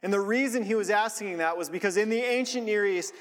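A man's voice: sits high, brisk. A man preaching a sermon as pastor, reading scripture aloud and then explaining it in a conversational way. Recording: long reverb of a large hall.

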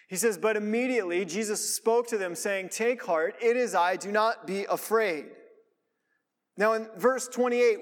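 High-voiced male preacher in a reverberant hall. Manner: reads scripture aloud, then explains it conversationally. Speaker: pastor. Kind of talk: sermon. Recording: long reverb of a large hall.

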